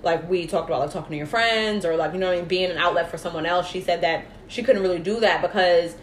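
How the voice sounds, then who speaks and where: Lower-voiced young woman in casual talk. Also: quick pace. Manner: relaxed, frequent "mm-hmm" backchannels, retells stories with quoted voices. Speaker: podcast co-host. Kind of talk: casual chat. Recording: echoey room, faint ambient noise.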